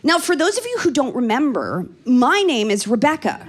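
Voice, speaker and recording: A Canadian stand-up comedian in her forties works her set into a handheld stage mic, her sing-song voice sitting a touch high at a moderate pace. She rambles loosely, full of fillers and dry self-mocking asides. The recording is very noisy.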